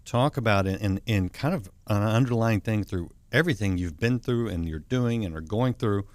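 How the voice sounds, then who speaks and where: A man's voice: lowish voice, moderate pace, a little mellow, no room sound. A man hosting a talk show interview, affirming what his guest says, laughing easily and often repeating words. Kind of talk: interview chat.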